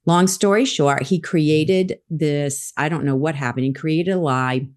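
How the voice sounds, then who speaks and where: A woman's voice: sits low, a little slow. A middle-aged woman, a podcast guest, telling a story in conversation and acting out the lines she quotes. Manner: animated, acts out quoted lines.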